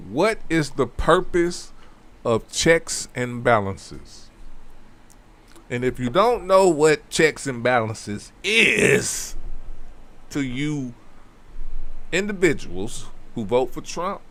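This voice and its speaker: Guy hosting a chill talk show, slow and deliberate, keeps repeating stuff and checking if you get it. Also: mid-range voice, big pitch swings, fairly bright tone. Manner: slow, emphatic, repeats key phrases; loose conversational asides. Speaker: host. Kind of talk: casual explainer talk.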